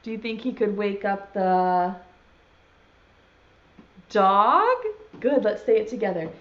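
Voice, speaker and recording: A woman teaching a virtual preschool lesson, talking slowly and in an exaggerated, sing-song way to small children and signing words as she goes. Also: mid-range voice, animated. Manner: uses sign language alongside speech. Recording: dull lo-fi sound.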